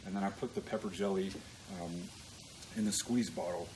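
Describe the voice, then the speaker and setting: A man walking through a recipe in a relaxed, folksy way, with plenty of ums and restarts. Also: deep voice, brisk, a little hiss or hum, low-quality recording. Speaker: cook team captain demonstrating a recipe. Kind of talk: casual cooking demonstration. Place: outdoor grill setup.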